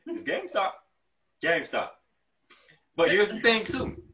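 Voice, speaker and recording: Lively, bright-voiced joking man. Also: sits high, unhurried, distant mic. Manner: lively, profane banter with frequent laughter. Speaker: podcast co-host. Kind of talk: casual chat.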